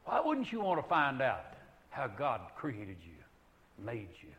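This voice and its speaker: An older man preaching a sermon in an earnest way, rising to loud emphatic peaks and then dropping to hushed, low passages. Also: huge pitch swings, takes it slowly, muffled recording.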